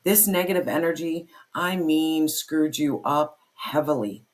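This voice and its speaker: Speaking directly to the listener, an intense tarot reader gives a fiery pep-talk to camera, driving points home with repeated phrases and lots of swearing. Her pitch is mid-range, neither high nor low, and she keeps a measured pace with hardly any pauses.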